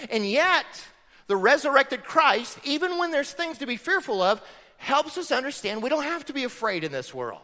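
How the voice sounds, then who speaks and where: A man preaching a sermon as pastor, animated, acting out quotes in the delivery. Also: very high voice. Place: church sanctuary. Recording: church hall reverb.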